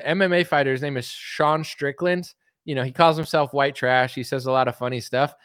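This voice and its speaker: A commentary streamer with a fairly high, bright voice rambles through a casual political rant, heavy on filler and mocking impressions of politicians. The sound is dry and close, with no echo.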